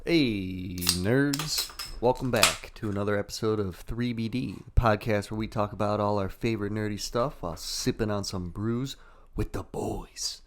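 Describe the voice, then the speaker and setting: A man's voice: fairly low pitch, background noise. A young man hosting a podcast in casual, loose chat, swearing freely and laughing easily. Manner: loose, profane and quick to laugh. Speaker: podcast host.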